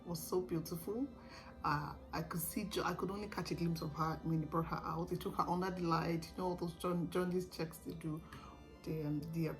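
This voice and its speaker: A young woman vlogger tells her own story in a relaxed, animated manner, laughing often along the way. Her voice is on the low side, and the recording quality is poor.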